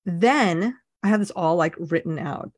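A woman's voice: fairly low pitch, unhurried, no room sound, clean studio sound. A woman co-hosting a podcast, chatting casually and upbeat, explaining things from her prepared notes. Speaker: podcast co-host. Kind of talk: casual chat.

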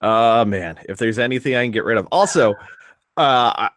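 A man co-hosting a casual wrestling podcast, talking with wry, lively banter and some swearing. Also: mid-range voice, moderate pace, no echo. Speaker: podcast co-host.

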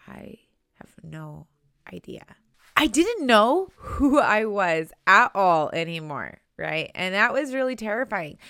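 A woman's voice: medium pitch, creaky, a bit bright, no echo. Young woman host, earnest chatty monologue, close and dry recording. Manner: earnest and chatty, with many likes and rights. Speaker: podcast host. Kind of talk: personal podcast monologue.

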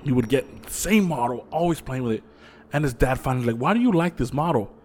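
A man's voice: mid-range voice, fast talker, a little hiss or hum. Profane man telling creepy stories. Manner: profane, animated storyteller who acts out quotes. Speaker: podcast co-host. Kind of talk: casual chat, storytelling.

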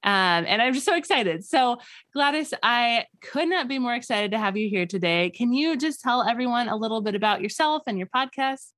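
A woman's voice: fairly high pitch, expressive, moderate pace. A young woman hosting a faith podcast, chatting in a gushing, enthusiastic way into a close mic. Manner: gushing, enthusiastic, warm-hearted. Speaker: podcast host.

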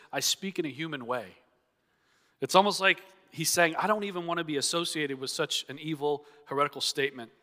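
A pastor delivers an expository sermon in a church hall with long reverb. His voice is on the high side with a sharp tone, and he preaches earnestly and emphatically, acting out the objections he quotes.

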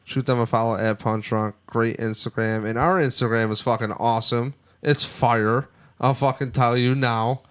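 Male podcast co-host, rambling and profane, smooth clear tone. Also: mid-range voice, fairly even intonation, normal speed, hardly any pauses, fairly bright tone. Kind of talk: casual sports podcast chat.

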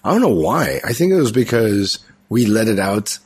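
A man's voice: fairly low pitch, very animated, moderate pace, darkish tone, husky, no room sound. A man in a casual podcast chat, rambling and crude, swearing often.

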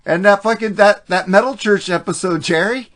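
A man's voice: sits high, normal speed, fairly bright tone. A man co-hosting a casual album review podcast, blunt and profane, laughing often. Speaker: podcast co-host.

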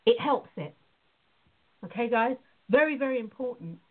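A woman with a rather high, husky voice teaches in a loose, chatty way. She tells her stories with animation and acts out every quoted line. The sound comes through thin and tinny, like a phone line. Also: expressive, normal speed. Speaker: prayer and visualization teacher. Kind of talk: casual spoken teaching on a call.

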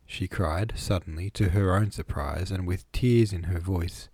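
A man narrating a classic novel as an audiobook, measured and even. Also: low voice, slightly rough, no room sound. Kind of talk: scripted narration.

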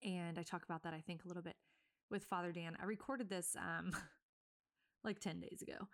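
A woman's voice: lowish voice, fairly even intonation, normal speed. Chatty, breathless woman podcast host. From Virginia, USA. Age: 30s. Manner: chatty and rambling, many fillers and self-corrections. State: a bit out of breath. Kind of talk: casual solo podcast intro.

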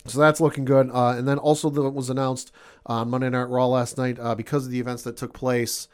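The host of a casual sports and gaming podcast, a man, recaps the news in an eager, meandering way packed with fillers. His medium-pitched voice is smooth and flat in delivery, moving a little fast.

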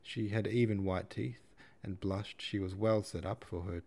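A man narrating a classic novel as an audiobook in a steady, measured reading. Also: lowish voice, gravelly. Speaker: audiobook narrator, podcast host.

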